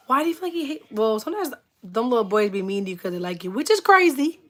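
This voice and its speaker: A woman's voice: fairly high pitch, fast talker. Chatty woman hosting a casual livestream. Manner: chatty, reads chat comments aloud and answers viewers; animated, laughs often. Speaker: livestream host.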